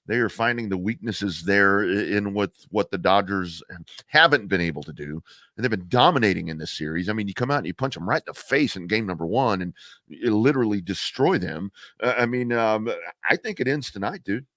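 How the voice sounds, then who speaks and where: A man co-hosting a sports talk show, excitable and blunt, swearing and restarting sentences as he rants. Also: fairly low pitch, a little fast, dry recording, studio quality.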